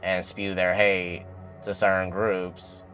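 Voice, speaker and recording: Low-voiced young man doing a chatty recap. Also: little pitch movement, slow pace, fairly bright tone, faint music behind. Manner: chatty slangy storytelling, addresses viewers as y'all. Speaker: TV recap vlogger. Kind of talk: casual episode recap.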